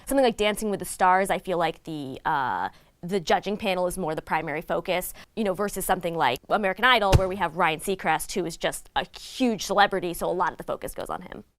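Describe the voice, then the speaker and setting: A woman's voice: fairly low pitch, quick pace. A woman chatting casually as a commentator, opinionated and loose, with lots of "like" and "you know". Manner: chatty and opinionated, with frequent fillers. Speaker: guest commentator on reality TV. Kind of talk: casual chat.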